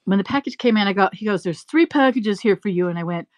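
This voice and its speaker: A middle-aged woman hosting a live resale stream, rambling through animated stories and laughing often. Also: mid-range voice, fast talker, muffled recording. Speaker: live-stream reseller host. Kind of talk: chatty live-selling stream.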